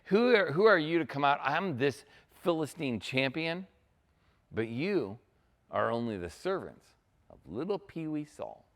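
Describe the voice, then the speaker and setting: A man's voice: on the high side, very animated, unhurried, a bit bright, full character voice. A man voicing a boastful giant warrior who mocks his enemies with sneering taunts. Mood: mocking. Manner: trash-talking, sneering taunts. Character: boastful giant male warrior, mocking and scornful.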